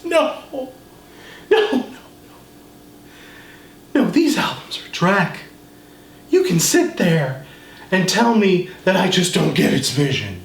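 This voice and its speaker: A man's voice: high voice, big pitch swings, slow, long pauses. Manic, giddy man in an echoey room. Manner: manic, giddy, swearing, laughing. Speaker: album review host. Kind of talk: comedic sketch rant. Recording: echoey room with music playing.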